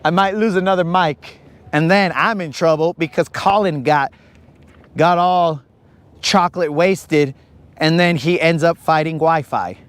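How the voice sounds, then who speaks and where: A man's voice: on the high side, measured pace, no room sound. A man hosting a live fishing stream from a boat outdoors, rambling and joking in slang. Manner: slangy, rambling, joking, says bro a lot. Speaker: fishing livestream host. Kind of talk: casual live-stream banter.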